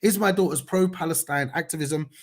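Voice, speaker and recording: A man's voice: on the high side, brisk, creaky. A man hosts a casual news commentary, talking passionately and conversationally with many fillers and restarts. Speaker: news show host.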